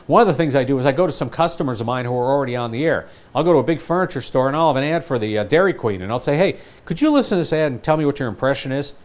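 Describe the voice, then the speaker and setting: An older man leads a sales training session with a lively, swooping delivery. His voice sits a bit high for a man. He acts out what customers and announcers say as he teaches. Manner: animated, acts out customer and ad lines.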